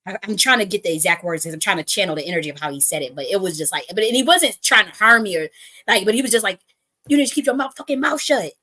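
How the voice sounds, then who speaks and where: A woman with a somewhat low-pitched voice, telling a personal story with lots of profanity. She keeps restarting and circling back mid-sentence, and breaks into laughter now and then. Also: lively intonation, rapid-fire, sharp tone. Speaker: spiritual reader.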